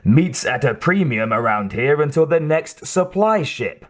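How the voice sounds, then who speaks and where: A man's voice: fairly high pitch, animated, a little slow. A man reading an audiobook, voicing a cheerful male cook who serves dinner heartily. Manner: hearty, upbeat.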